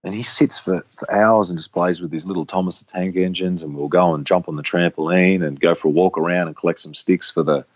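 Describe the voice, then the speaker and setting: A man's voice: low-pitched, fairly even intonation, a little fast, few pauses, no room sound, dull audio. A middle-aged man chatting as a guest, reflective and rambling with many restarts. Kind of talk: casual conversation.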